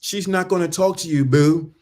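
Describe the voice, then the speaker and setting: A blunt man in his fifties speaking hosts his own channel and lectures in a preachy, repetitive way. He mocks the people he is turning away and keeps circling back to the same lines. His voice sits a little high for a man. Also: moderate pace, darkish tone. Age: 50s. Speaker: channel host. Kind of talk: blunt motivational monologue.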